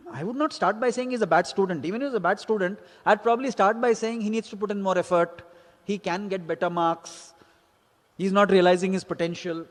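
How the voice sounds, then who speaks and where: A man, a teacher, telling a personal story from his student days and acting out the exchanges he quotes. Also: high voice. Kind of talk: spoken personal anecdote. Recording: hall reverb.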